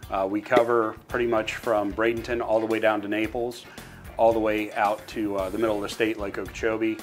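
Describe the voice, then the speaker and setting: Brisk low-voiced man giving a tour. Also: flat delivery, faint music behind. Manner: brisk, businesslike. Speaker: shop owner.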